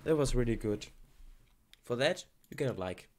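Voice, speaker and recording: A man's voice: on the high side, big pitch swings, moderate pace. A German man hosting a reaction video, gushing over clips and explaining how words are pronounced. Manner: gushing, exclamatory, explains pronunciation. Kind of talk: excited reaction commentary.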